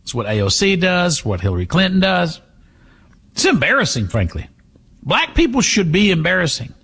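A man's voice: high-pitched, wildly swooping pitch, moderate pace, gravelly, fairly bright tone, slightly rough. A man hosting a talk radio show, giving sarcastic, mocking commentary. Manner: sarcastic, mocking, puts on voices.

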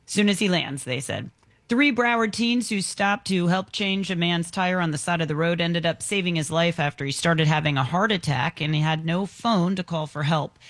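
Woman, 50s, morning news anchor; even read, dry studio sound. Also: low voice, dry recording. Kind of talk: morning news reading and banter.

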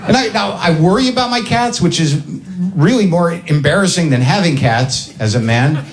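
A man rambles through a self-deprecating stand-up bit in a high voice. A live audience is clearly heard behind him. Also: expressive, moderate pace, a crowd in the background. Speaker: stand-up comedian. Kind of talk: stand-up comedy.

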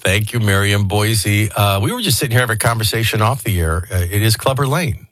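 A man's voice: fairly low pitch, expressive, a little fast, fairly bright tone, no room sound. A man hosting a radio morning show, talking in a jokey, sarcastic way. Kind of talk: casual radio talk.

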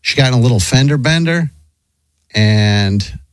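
A middle-aged man rambles through a story with many restarts, acting out the other people in it. His pitch swings up and down a lot. The sound is dry and close, with no room around him. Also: unhurried, dry recording. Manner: rambling, animated, lots of restarts and acted quotes. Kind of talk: casual storytelling chat.

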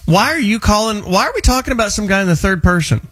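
A man hosting a call-in radio show, his voice husky and swinging widely in pitch. He teases and haggles bluntly, and the sound is dry and close. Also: lively intonation, fast talker, fairly bright tone, no echo.

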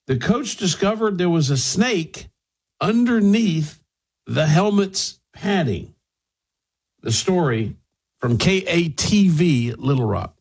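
Male news host, wry asides, husky, slow, slightly high. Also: lively intonation. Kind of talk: news commentary.

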